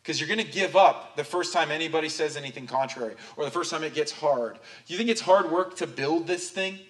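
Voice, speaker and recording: A man's voice: fairly high pitch, a little fast, fairly bright tone. Casual young male preacher. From Southern California. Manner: conversational, joking asides. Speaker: pastor. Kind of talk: sermon.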